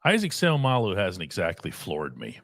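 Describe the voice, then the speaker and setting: A man's voice: sits low, wildly swooping pitch, normal speed, a bit bright, no echo. A man hosting a sports talk show in a studio, joking around and reading out viewer questions. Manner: jokey, reads ads and viewer questions. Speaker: host.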